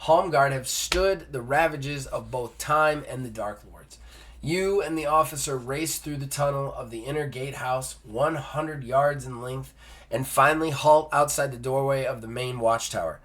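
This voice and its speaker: A man's voice: medium pitch, normal speed, fairly bright tone. A man hosting a solo gamebook play-through, reading the passages aloud and breaking off for casual joking asides. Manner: reads text then jokes in casual asides. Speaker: host.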